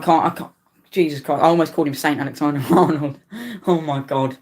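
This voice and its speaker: Young male fan commentator, late teens, tired, stumbling play-by-play that spikes up excitedly. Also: fast. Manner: excitable play-by-play that jumps up in pitch on attacks; rambling, with stumbles and restarts. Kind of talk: live match watch-along commentary.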